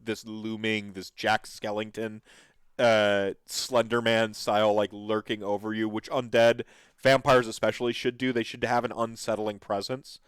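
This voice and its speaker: Smooth-voiced enthusiastic man hosting. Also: fairly low pitch, little pitch movement, normal speed, no room sound. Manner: enthusiastic, rambling, many fillers. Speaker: podcast host. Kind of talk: casual commentary reacting to videos.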